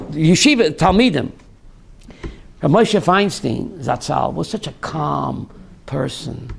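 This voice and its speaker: A man's voice: a little high, creaky, husky. A rabbi lecturing a class, telling dramatic stories and asking his listeners questions. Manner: storytelling, asks the audience questions and answers them; dramatic, voices screaming characters in quotes.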